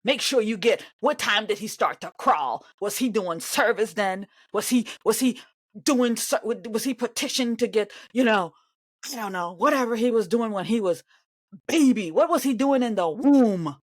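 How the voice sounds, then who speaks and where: A woman in a reaction vlog, ranting at the screen with sharp sarcasm. Her voice leaps all over the place, from loud outbursts down to low mutters. The sound is dry, with no room echo. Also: normal speed. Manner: indignant and sarcastic, talks back at the screen; animated, swings between loud outbursts and mutters. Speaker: vlogger reacting to an interview. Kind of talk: reaction commentary.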